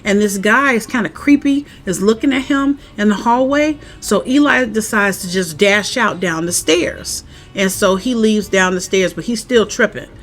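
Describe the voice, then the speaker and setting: A woman, a parent, chatting casually outdoors in the wind as she recaps a TV episode and acts out the characters' lines with animated energy. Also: mid-range voice, normal speed, soft background music. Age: adult parent. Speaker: show recap vlogger. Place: outdoors, windy.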